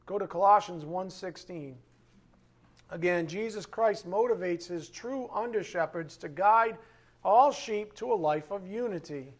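A man teaching a bible lesson, emphatic, slowing down to read scripture aloud and dropping to quiet asides. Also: sits high.

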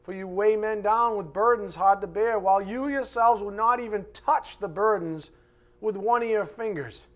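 A man preaching an expository sermon, animated, mocking the voices of his opponents and shouting for emphasis. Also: high voice, moderate pace.

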